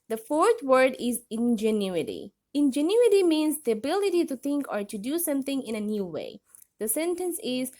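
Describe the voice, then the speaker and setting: A woman with a high voice hosts an online vocabulary lesson. She explains each word clearly and sounds friendly and patient throughout. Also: big pitch swings, normal speed. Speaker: English vocabulary teacher, channel host.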